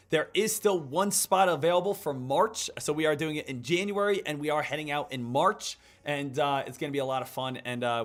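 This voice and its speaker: A man with a slightly bright voice on the high side hosts a live day-trading stream. He coaches his viewers and comments on the market, keeping things upbeat, repetitive and hyped.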